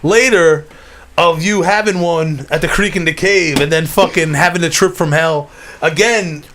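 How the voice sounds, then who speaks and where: A man's voice: on the high side, normal speed, fairly bright tone, slight background noise. A young man, telling a wild story on his podcast, rambling, laughing often and swearing. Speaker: podcast host. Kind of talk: casual storytelling chat.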